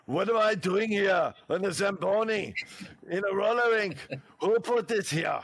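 A man putting on a thick Austrian accent to play a blustering muscleman action hero who shouts in rising panic. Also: sits high, expressive, unhurried, gravelly, a little hiss or hum, voice pushed up, full character voice. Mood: bewildered. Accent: put-on Austrian. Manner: bellowing, escalating panic.

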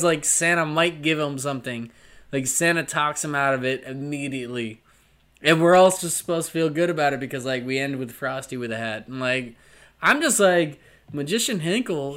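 A man co-hosting a laid-back podcast chat, joking and laughing as he goes. His voice sits a little high for a man. He talks in a loose, easy way. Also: fairly bright tone. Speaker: podcast co-host. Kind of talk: casual chat.

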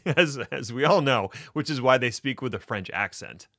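A man co-hosting a podcast in casual banter, playful and jokey with deadpan bits. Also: medium pitch, moderate pace, dry recording, studio quality. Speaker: podcast co-host.

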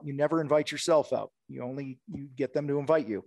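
A man's voice: mid-range voice, fairly even intonation, fairly quick, a little mellow, no echo. A man coaching contractors on sales in casual podcast talk, blunt and direct, acting out sales calls.

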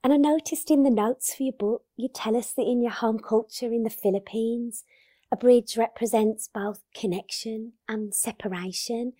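Mellow, polite woman interviewer. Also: a little high, normal speed, no room sound, studio quality. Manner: polite, formal questioning. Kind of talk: literary interview.

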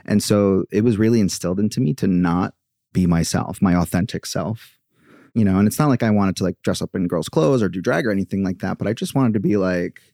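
A man's voice: low voice, brisk, warm tone, no echo, studio quality. A man guest on a podcast, a yoga teacher telling candid personal stories and acting out the voices of people he quotes. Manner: chatty, acts out quoted voices.

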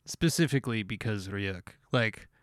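A man's voice: on the low side, lively intonation, moderate pace, dry recording, clean studio sound. A man hosting a casual podcast discussion, rambling with fillers and laughing often. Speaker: podcast host.

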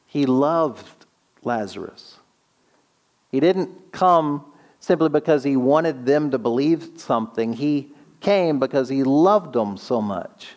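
A man preaching a sermon, earnest, asking the listener questions and slowing down to stress key words. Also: medium pitch, expressive, darkish tone. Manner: earnest, slows down for emphasis, asks rhetorical questions. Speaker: pastor.

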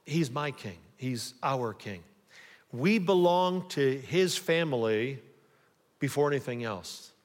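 A man's voice: medium pitch, expressive, slow. A man preaching a sermon in a church sanctuary, from the United States, with rising emphasis and questions he puts to the congregation. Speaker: pastor. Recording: long reverb of a church hall.

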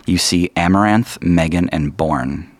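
A man narrating a tabletop game as game master in a measured, descriptive way, with a husky voice. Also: low-pitched, no echo.

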